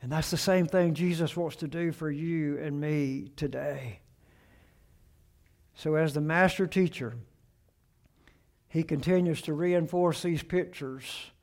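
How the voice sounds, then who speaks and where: Slow, high-pitched preaching man. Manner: earnest preaching, swelling on quoted questions, dropping soft at the end of points. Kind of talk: sermon.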